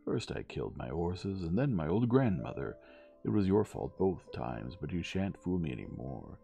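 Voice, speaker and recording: A big, greedy bully of a man read by a man who blusters and threatens. His voice is very deep and gravelly, with a dark tone and lively swings. Bedtime storybook feel with faint music behind. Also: moderate pace, heavily acted. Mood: menacing.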